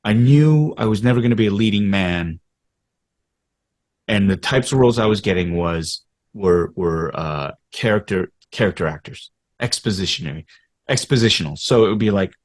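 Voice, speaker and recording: A man's voice: fairly low pitch, moderate pace. A man in his fifties, a podcast guest and actor from Canada, telling candid stories about his career and acting out voices and inner thoughts as he goes. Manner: animated, acts out quotes and inner thoughts. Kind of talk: candid conversational storytelling.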